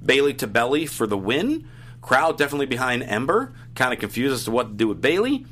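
Bright-voiced man recapping casually. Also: medium pitch, sing-song. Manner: brisk recapping, quick quips. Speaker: podcast host.

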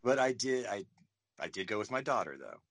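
Brief: deep-voiced male guest, forties, bright forceful tone, dry close sound, wry humor. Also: very animated, fairly quick, no room sound. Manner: chatty, wry, self-deprecating. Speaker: comedian guest. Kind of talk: casual interview chat.

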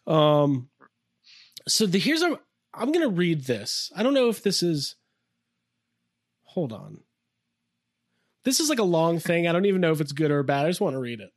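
Guy co-hosting a chill podcast, kinda high voice, rambles and cuts himself off a lot, dry close sound. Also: very animated, moderate pace, pauses often, dry recording. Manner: rambling, self-interrupting, laughs easily. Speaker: podcast co-host. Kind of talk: casual chat.

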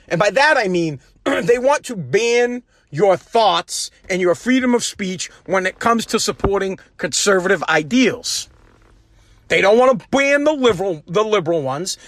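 With a voice that sits high, recorded at studio quality with no room sound, a Massachusetts podcast host goes off on a casual political rant. It's rambling, profane and combative throughout.

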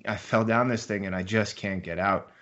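A man's voice: on the low side, steady tone, moderate pace, fairly bright tone, dull audio, close to an everyday voice. A man voicing a desperate man who has fallen into a hole and calls up for help, raising his voice as he pleads. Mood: pleading.

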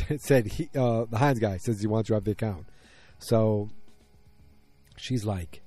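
A man with a fairly low, mellow voice talks through a TV episode in a loose, rambling way. He trips over his words and corrects himself as he goes. Faint music plays behind him. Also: a little slow, pauses often. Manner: rambling, self-correcting, loose slangy talk. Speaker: TV episode recapper. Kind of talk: casual episode recap.

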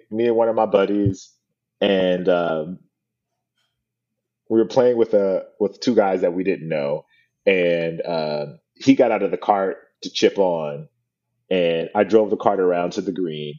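Low, mellow-voiced man telling stories. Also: highs cut off. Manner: relaxed storytelling with many restarts. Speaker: guest. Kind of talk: casual interview chat.

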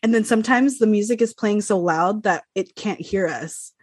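A woman co-hosting a casual chat, playful and expressive in her telling. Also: medium pitch, normal speed, breathy edge, no echo, studio quality. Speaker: podcast co-host.

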